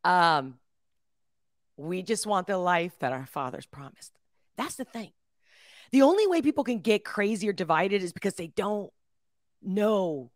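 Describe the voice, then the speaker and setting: A woman hosting a reaction video, talking straight to her viewers and swinging from loud bursts to hushed asides. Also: medium pitch, animated, a little slow, long pauses, no echo, studio quality. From Philadelphia. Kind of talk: casual reaction commentary.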